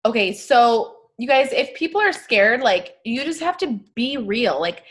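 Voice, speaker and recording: A woman's voice: a little high, animated, measured pace. A woman coaching her sales team on a live stream, casual and chatty, full of fillers and asides, upbeat and emphatic.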